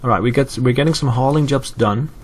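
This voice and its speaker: A man's voice: mid-range voice, fast. A man from Europe casually commenting on his gameplay, thinking aloud with fillers and answering live chat. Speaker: let's play host.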